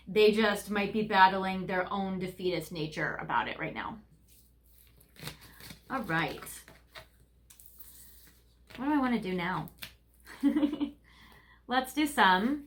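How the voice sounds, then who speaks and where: A woman's voice: mid-range voice, expressive, takes it slowly, pauses often, a bit bright. A woman giving a casual tarot card reading, chatty and rambling, with lots of fillers. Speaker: tarot reader.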